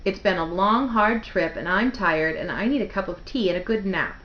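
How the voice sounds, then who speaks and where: An elderly grandmother with a drawling Southern accent speaks in a dry, arch way, brisk and sharp when crossed, as a woman reading a novel aloud puts her on. The recording is roomy and a little dull. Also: medium pitch, natural voice. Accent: Southern American, put on.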